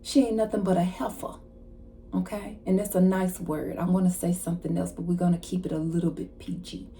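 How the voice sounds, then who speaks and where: A woman card reader giving a casual channeled message, retelling a story in an animated way with slang and asides. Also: lowish voice, brisk, a little hiss or hum.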